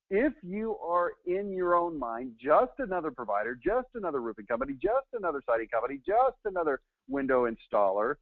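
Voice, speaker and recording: A man's voice: fairly high pitch, no echo. A man giving a marketing lesson on a webinar, telling a story with many fillers and restarts. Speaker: marketing trainer. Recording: dry, phone-like audio.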